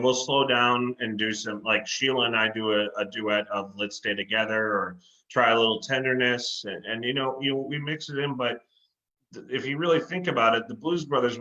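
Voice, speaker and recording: A man with a bright, forceful voice tells stories about his band with plenty of enthusiasm. The recording sounds slightly muffled and lo-fi. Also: mid-range voice. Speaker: tribute band singer. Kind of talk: casual interview chat.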